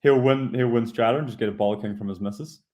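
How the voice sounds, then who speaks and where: A man's voice: mid-range voice, fast, a little mellow. A man on a casual podcast, telling a story and acting out what people said. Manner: chatty storyteller, acts out quoted people. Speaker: podcast co-host, pro cyclist. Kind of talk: casual chat, anecdotes.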